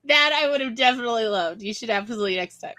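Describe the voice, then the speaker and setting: A woman's voice: fairly high pitch, lively intonation, rapid-fire, pushed and bright, no room sound, poor audio. A woman hosting a casual chat, talking eagerly with lots of fillers. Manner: chatty, enthusiastic, many fillers. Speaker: host, writer.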